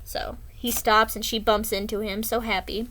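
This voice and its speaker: A woman's voice: fairly high pitch, flat delivery, moderate pace, fairly bright tone. A young woman vlogger giving playful, sarcastic commentary on her old drawings. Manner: playful, mock-dramatic, sarcastic.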